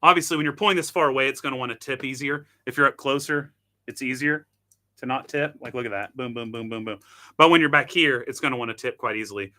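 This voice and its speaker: A man's voice: medium pitch, sharp tone. A man hosting a casual live product demo, chatting and thinking aloud while he tinkers, with self-deprecating asides. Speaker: host.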